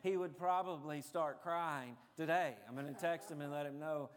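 Pastor with a reverberant church sound. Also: male voice, a little high, fairly even intonation, moderate pace, background noise. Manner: conversational storytelling with frequent 'uh' fillers. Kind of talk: sermon.

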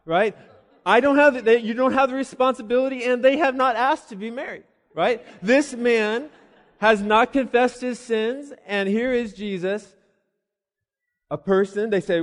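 Male pastor, high voice, storytelling sermon with acted asides, long hall reverb. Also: lively intonation, a little slow. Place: church building.

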